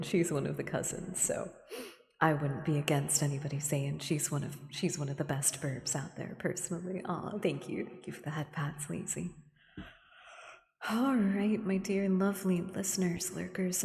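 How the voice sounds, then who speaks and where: Soft-spoken low woman, gravelly whisper. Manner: gentle, slow, often whispered. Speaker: streamer. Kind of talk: soft-spoken ASMR stream chat. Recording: echoey room with long reverb.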